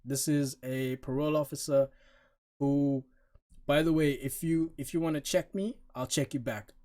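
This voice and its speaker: A man's voice: fairly high pitch, fairly even intonation, moderate pace, a little mellow. A man giving a blunt, opinionated album review in a casual, dismissive way, with plenty of fillers and restarts.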